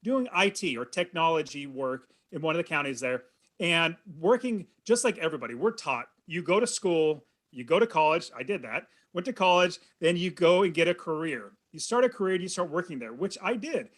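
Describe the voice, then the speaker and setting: A man in his thirties, a podcast guest, telling a personal story in an earnest, animated way. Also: a little high, fairly quick. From California. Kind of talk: storytelling in an interview.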